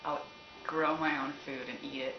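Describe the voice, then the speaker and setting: Low-voiced laughing woman, roomy recording. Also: steady tone, moderate pace. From Canada. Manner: laughs often, rambling and candid. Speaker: musician answering fan questions. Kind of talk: casual chat. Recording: roomy, dull, noisy recording.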